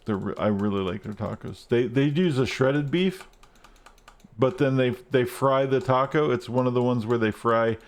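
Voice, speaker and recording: A man's voice: medium pitch, moderate pace. A man live-streaming a game, chatting casually and rambling while he plays, swearing often.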